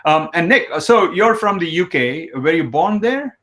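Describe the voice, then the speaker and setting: A man's voice: a little high, expressive, unhurried, a bit bright. Male host of a live web chat, talkative, jokey, hesitant. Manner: chatty, joking, with many fillers and restarts. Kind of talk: live online interview.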